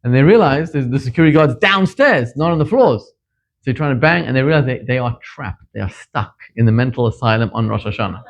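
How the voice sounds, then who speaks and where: A man's voice: brisk, creaky. A middle-aged man from Zimbabwe, a rabbi giving a sermon and telling stories, his voice climbing sharply whenever he stresses a point. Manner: animated storyteller, pitch leaping up for emphasis. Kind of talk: sermon with storytelling. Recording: dull lo-fi recording.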